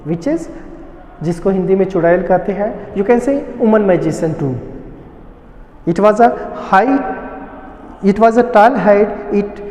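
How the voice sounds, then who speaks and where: Male teacher, high pitch, patient line-by-line explainer, roomy echo. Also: expressive, quick pace, long pauses, darkish tone. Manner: repeats and rephrases lines, glosses words in Hindi. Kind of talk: explaining a story for school students. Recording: echoey room with long reverb.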